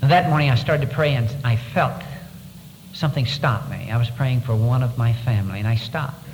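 A man giving a first-person testimony to an audience, telling his story in an earnest, halting way, his voice sinking low at the hardest moments. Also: in a large hall, noisy background. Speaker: former prisoner of war giving testimony.

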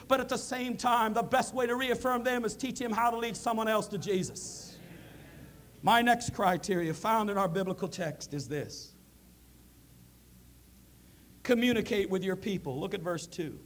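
A man preaching a sermon as a minister, building to loud, emphatic peaks. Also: extremely high pitch.

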